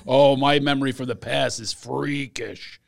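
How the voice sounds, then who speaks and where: A man hosting a casual comedy podcast, joking and teasing his guest with animated banter. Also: medium pitch, a little slow, vocal fry. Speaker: podcast host.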